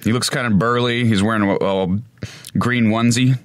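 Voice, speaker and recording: A man co-hosting a podcast in casual chat, animated and laughing a lot. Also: on the low side, normal speed, dry recording. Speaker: podcast co-host.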